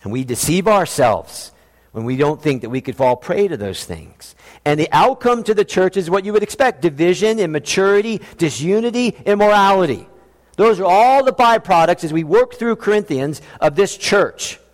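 A man preaching a sermon as a pastor, emphatic, slowing down to stress key phrases. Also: high-pitched, animated, in a large hall.

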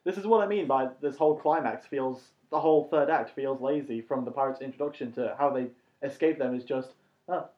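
A man co-hosting a podcast, speaking in a dry, matter-of-fact tone as he critiques an episode. His voice sits at a middling pitch. The room is echoey and the audio is dull and lo-fi. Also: a little fast, few pauses. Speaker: podcast co-host. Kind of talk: casual chat reviewing a cartoon episode. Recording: muffled recording in a roomy space.

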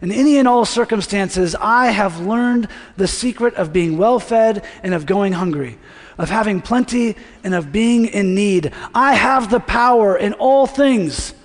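A man's voice: high voice, measured pace. A male pastor preaching a sermon in a conversational way, asking the congregation to repeat words after him. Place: church sanctuary. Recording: long reverb of a large hall.

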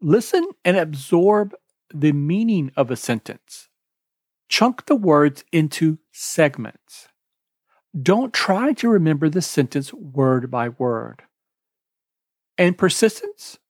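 A man hosting a podcast lesson on exam preparation, reading a scripted, deliberate lesson and spelling out web links letter by letter. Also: fairly high pitch, no room sound, studio quality. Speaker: exam prep podcast host.

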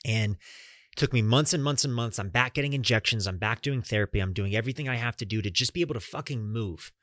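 A man's voice: medium pitch, fast, a bit bright, dry recording, clean studio sound. A young man hosting a podcast, earnestly telling a personal story straight to his listeners and swearing casually. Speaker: podcast host.

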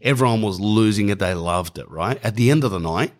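A man's voice: fairly low pitch, lively intonation, brisk, hardly any pauses. Rambling Australian man telling a comic story. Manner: rambling, slangy, keeps saying bro. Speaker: comedian storyteller.

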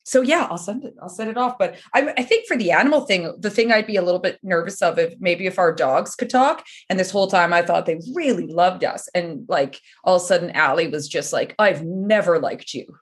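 Animated laughing woman telling stories. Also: fairly low pitch, fairly quick, hardly any pauses. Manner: animated storyteller, acts out quoted voices, laughs often. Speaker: podcast co-host. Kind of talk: casual chat.

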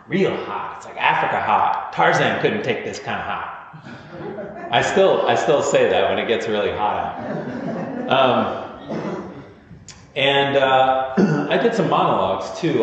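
Male pastor, mid-range voice, chatty storytelling sermon, long hall reverb. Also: medium pitch. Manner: informal, storytelling, self-deprecating asides. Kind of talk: conversational sermon. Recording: echoey hall, dull lo-fi sound.

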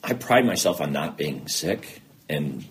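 A man's voice: extremely low pitch, measured pace. A middle-aged man, a TV news anchor speaking candidly as an interview guest and acting out both sides of old conversations. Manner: animated, acts out both sides of quoted dialogue. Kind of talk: candid personal storytelling.

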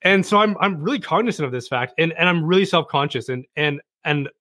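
Animated man telling a story. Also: fairly high pitch, a little fast, no echo, studio quality. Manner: animated, self-deprecating storyteller with frequent restarts. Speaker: podcast guest. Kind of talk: casual storytelling conversation.

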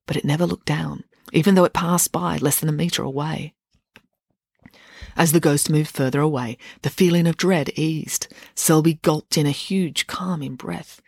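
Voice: mid-range voice, normal speed, gravelly, no echo, studio quality. Author reading aloud at home. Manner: expressive reading, chatty sign-off. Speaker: author reading own book. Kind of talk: audiobook-style reading. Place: home office. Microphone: home setup.

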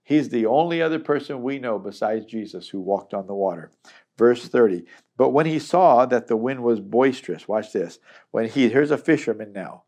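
A man's voice: medium pitch, expressive, normal speed, a little mellow. A middle-aged man teaching a Bible chapter in a conversational, earnest way, acting out the people he quotes.

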